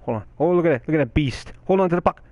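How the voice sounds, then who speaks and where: A young man giving excitable gameplay commentary, swearing and yelling at the game. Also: a little high, racing, no room sound, dull audio. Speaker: gaming channel host.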